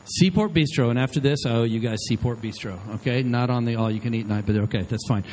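Here a medium-pitched man talks quickly as he tells sermon stories to a live crowd through a handheld microphone. Animated throughout, he acts out the quotes of his characters, and the low-grade recording has slight hiss or hum.

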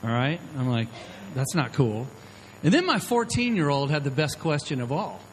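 A man's voice: fairly high pitch, big pitch swings, moderate pace, low-quality recording. A middle-aged man delivers a sermon as a pastor, talking in a loose, storytelling way. He keeps asking the listeners "okay?" as he goes. There is a faint hiss of noise behind him. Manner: conversational storytelling, frequent "okay?" check-ins.

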